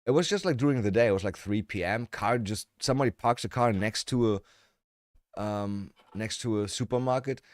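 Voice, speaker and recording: A man's voice: lowish voice, no room sound, studio quality. A man hosting a livestream, chatting casually and bluntly while paraphrasing a video, swearing and laughing now and then. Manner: narrates and paraphrases the clip. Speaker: livestream host.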